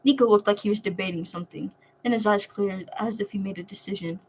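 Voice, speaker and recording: A woman reading fan fiction aloud in a soft, emotional manner. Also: mid-range voice, fast talker, a little hiss or hum, rough recording. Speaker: story reader.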